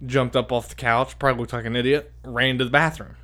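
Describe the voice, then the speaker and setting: Speaking quickly in a steady, medium-pitched, slightly bright voice, a man rambles through a long, casual story, full of profanity and endless "dude"s and "like"s.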